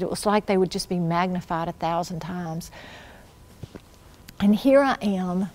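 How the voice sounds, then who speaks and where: Woman telling her faith story at church, earnest, mid pitch, goes soft for the prayer bits. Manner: earnest storytelling, drops to a hush for quoted prayers. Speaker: church testimony speaker. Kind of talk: personal testimony.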